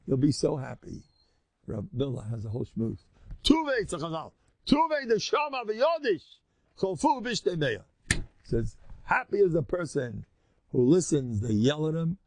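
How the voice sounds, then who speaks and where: Gravelly, animated older rabbi lecturing. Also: male voice, normal speed, dry recording. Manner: animated, jumps high in pitch when mimicking.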